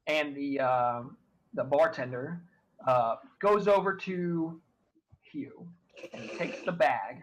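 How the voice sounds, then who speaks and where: A man with a fairly high voice narrates a tabletop role-playing session as game master. He rambles, circling back with fillers and restarts as he describes each scene. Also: fairly bright tone, a little hiss or hum, rough recording.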